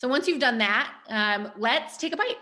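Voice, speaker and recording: A woman hosting a workshop, gently and playfully guiding a group through a mindful-eating ritual over a video call. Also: on the high side, lively intonation, normal speed. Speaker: workshop host.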